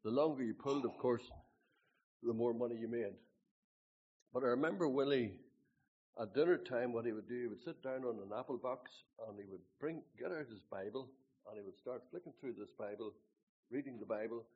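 A man's voice: medium pitch, a little fast, breathy edge, phone-quality sound. An older man recalls his past in a rambling spoken testimony, repeating himself and quoting scripture with force. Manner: rambling, repeats words, quotes scripture with emphasis. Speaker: storyteller recalling his conversion.

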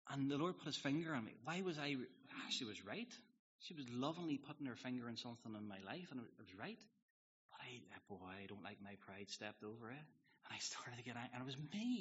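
A man's voice: medium pitch, slightly rough, lo-fi sound. A man preaching a sermon as a pastor, earnest and confessional, often putting questions to the congregation.

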